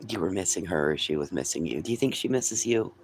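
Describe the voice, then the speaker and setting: A man's voice: low voice, expressive, quick pace, a little hiss or hum. A man hosting a casual livestream, chatting with viewers in a rambling, chatty way and swearing freely. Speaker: livestream host.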